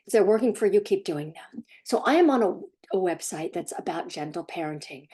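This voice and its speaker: A woman parent coach talking casually to the camera in a sarcastic, animated way, sometimes laughing as she speaks. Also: on the low side, brisk. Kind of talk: casual vlog commentary.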